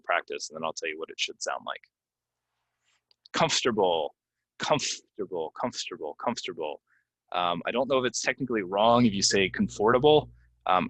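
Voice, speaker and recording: A young man teaching English pronunciation in a casual spoken lesson, slowing down to model stressed words, with frequent ums. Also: low-pitched, a bit bright, dry recording. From United States.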